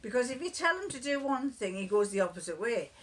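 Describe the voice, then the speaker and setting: Her voice sits fairly high and swings widely in pitch, and she talks fast. The vlogger addresses the camera casually, wandering off on tangents while sharing homely tales and laughing frequently.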